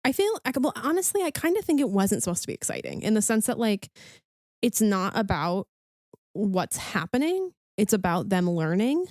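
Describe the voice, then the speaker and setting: A woman's voice: mid-range voice, sing-song, moderate pace, darkish tone, no echo, clean studio sound. A woman co-hosting a podcast in casual chat, bubbly and enthusiastic, with lots of "um" and "like". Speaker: podcast co-host.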